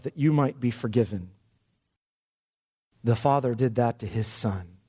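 A man preaching a sermon with great passion, dropping to a hush and then rising to loud, urgent cries. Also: medium pitch. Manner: impassioned, swinging from hushed to loud. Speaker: pastor.

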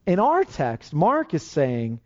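A preacher's sermon comes through on a dull, lo-fi recording, his delivery earnest and emphatic, with phrases often begun again. His voice sits on the high side, swinging hugely in pitch, and he speaks slowly.

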